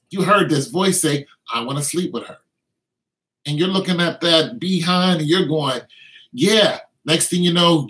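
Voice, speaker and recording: An emphatic man delivering an informal sermon. His voice sits a little above the usual male pitch. He repeats points and slips into imitations of tempting voices, with phrasing. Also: fairly bright tone, poor audio. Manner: emphatic, repetitive, acts out tempting inner voices. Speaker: preacher.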